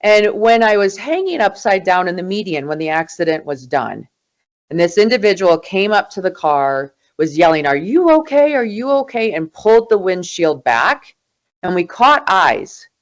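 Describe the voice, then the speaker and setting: A woman in her forties, a guest in an interview, telling her story in an animated, emphatic way. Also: on the low side, normal speed. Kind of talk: conversational interview.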